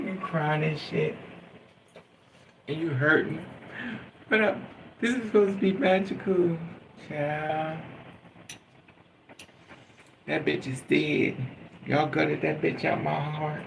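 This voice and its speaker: Gravelly man venting bluntly. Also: fairly high pitch, steady tone, slow, long pauses, a little hiss or hum, poor audio. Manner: blunt, profane, venting with bitter humor. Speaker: vlogger. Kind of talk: candid emotional monologue.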